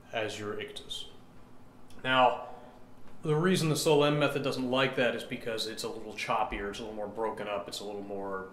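A man's voice: mid-range voice, a bit bright, slight background noise. A man teaching chant rhythm, explaining step by step, counting beats aloud and often checking in with "right?". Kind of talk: instructional explanation with sung examples. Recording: echoey room with faint ambience.

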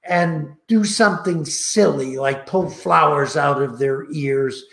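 An older man slowly telling heartfelt stories about his work, recorded on a video call. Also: on the high side, gravelly, a bit bright, roomy sound. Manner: slow, heartfelt, emotional anecdotes. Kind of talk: casual storytelling.

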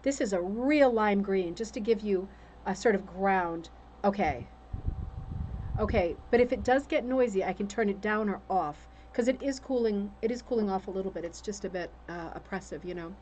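A woman's voice: mid-range voice, animated, moderate pace, a little mellow. A woman hosting a casual craft livestream from a room upstairs at home, chatting and greeting viewers by name. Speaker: host of a rug hooking livestream. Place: room on a home's second floor with a fan. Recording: faint room noise, fan hum.

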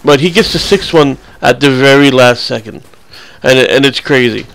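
A young man with a gravelly, fry-edged voice talks loosely over game footage. His commentary rambles and jokes, often crude, and he restarts his sentences a lot. His pitch sits in an ordinary middle range. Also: normal speed, fairly bright tone. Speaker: gameplay commentator.

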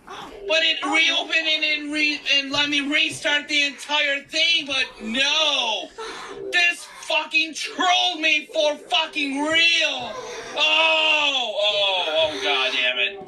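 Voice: high voice, slow pace, pushed and bright, recorded from a distance, rough recording. A gamer reacting to a horror game, swearing, gasping and shrieking at each jump scare. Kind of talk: screaming game reaction commentary.

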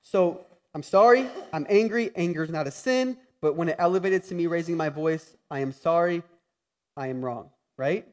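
Man, pastor, high voice, sermon, loud emphatic stretches, quiet confessional stretches, thirties. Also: normal speed. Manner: swings between loud emphatic and soft confessional.

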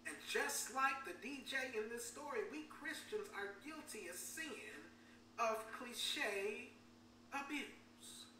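In a church sanctuary, a woman pastor preaches a sermon, often repeating her words and calling out to the congregation for amens. Her voice is fairly high and sharp, and she takes her time. The recording is echoey, with a distant mic and a faint hum.

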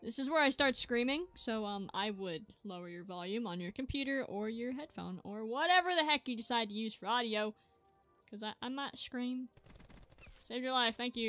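An excitable woman commenting on her own gameplay, her voice bright and a little high. She chats straight to her viewers and breaks into sudden yelps and exclamations, with faint music playing under her. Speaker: gaming channel host. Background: faint background music.

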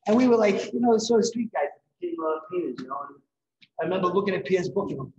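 A middle-aged man giving a live painting demonstration, telling lively anecdotes and acting out what others said. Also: high-pitched, fast talker, reverberant, dull audio, a little hiss or hum. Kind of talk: storytelling during a live demonstration. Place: event hall.

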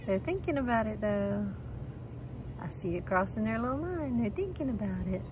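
A woman narrating a casual rescue vlog outdoors at a gas station, talking softly and coaxing stray animals in baby talk. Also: medium pitch, sing-song, moderate pace, background noise.

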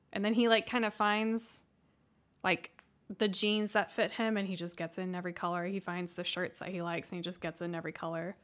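A woman in her thirties answers questions from a livestream chat in an easy, unhurried way. Her voice sits at a middle pitch. She speaks softly and hesitates often, filling pauses with ums and starting sentences over. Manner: soft-spoken, hesitant, many ums and restarts. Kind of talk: casual livestream Q&A.

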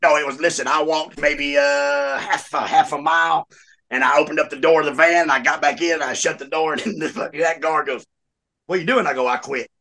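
A man's voice: on the high side, fairly quick. A man telling a jail story as a guest, swearing freely and laughing as he talks. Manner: animated, swears a lot, laughs mid-story. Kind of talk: casual storytelling.

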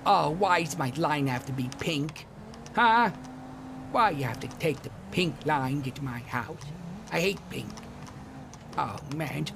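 A man puts on a whining hacker friend, his voice pushed up high and stretched into slow, drawn-out moans. The pitch jumps around a lot. Game sounds clutter the background. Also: expressive, creaky, noisy background. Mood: whiny. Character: whiny groaning male hacker friend.

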